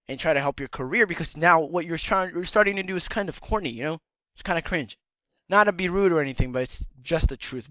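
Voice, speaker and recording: A man's voice: a little high, fairly bright tone, no room sound. A man giving rambling casual commentary in a lecturing tone, his slightly worn voice cracking now and then. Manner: rambling and lecturing, keeps tagging "all right?". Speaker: YouTube commentator.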